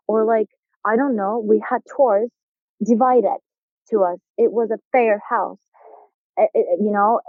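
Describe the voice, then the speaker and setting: A young adult woman from Turkey with a Turkish accent, a podcast guest telling an animated story and acting out the people in it. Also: a little high, no echo. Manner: animated, acts out quoted voices, laughs often. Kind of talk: casual interview storytelling. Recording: tinny phone-like line, dry.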